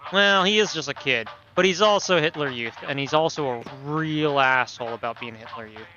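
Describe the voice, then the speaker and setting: A man's voice: fairly high pitch, a little fast, pushed and bright, a little hiss or hum. A man giving casual, joking commentary over a story game, swearing and laughing at it. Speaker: let's play host. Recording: muffled lo-fi sound with game music.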